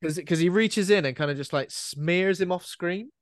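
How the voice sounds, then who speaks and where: This podcast co-host has a high-pitched voice and talks at a normal speed, recorded dry with studio quality. He chats casually about a film, drifting from point to point. He's digressive and often quotes characters in silly voices.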